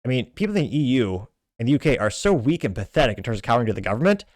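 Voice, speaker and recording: Fast-talking male show host, dry sound. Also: mid-range voice, very animated, a little mellow, no room sound. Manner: rapid, emphatic, scornful commentary. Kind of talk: reading and commenting on social media posts.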